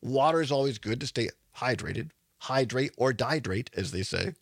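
Chatty Midwestern radio host, lively. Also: male voice, mid-range voice, moderate pace, creaky, breathy edge, dry recording, studio quality. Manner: chatty, rambling, laughs often. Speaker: radio talk show host. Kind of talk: casual radio talk. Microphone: studio microphone.

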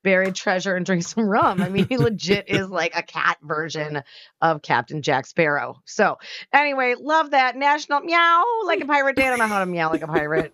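A woman's voice: mid-range voice, very animated, normal speed, fairly bright tone, no room sound, studio quality. A woman in her forties co-hosting a morning radio show, chatting casually with lots of fillers and giggles. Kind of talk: casual on-air banter.

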